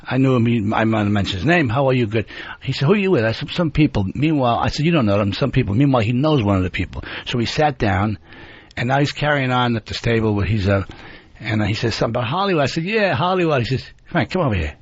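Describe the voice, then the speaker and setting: An older man telling stories in casual radio chat, with a slow tough-guy delivery. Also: mid-range voice, expressive, breathy edge, no room sound. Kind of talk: casual storytelling. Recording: dull lo-fi radio studio sound.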